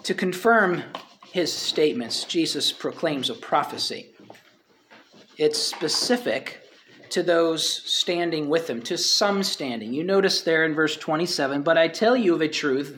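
A man's voice: fairly high pitch, animated, unhurried, a bit bright, a little hiss or hum. A man preaching a sermon in a conversational way, quoting scripture and asking his listeners rhetorical questions.

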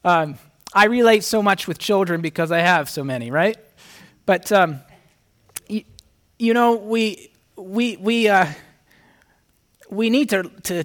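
A man preaching a conversational sermon to his congregation, speaking earnestly and reading scripture aloud with rising emphasis. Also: sits high. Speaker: pastor.

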